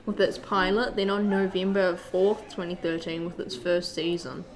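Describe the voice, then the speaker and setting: A woman co-hosting a casual podcast who reads a summary aloud haltingly, with ums and self-corrections. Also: on the low side, fairly even intonation, crowd noise, poor audio. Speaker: podcast co-host.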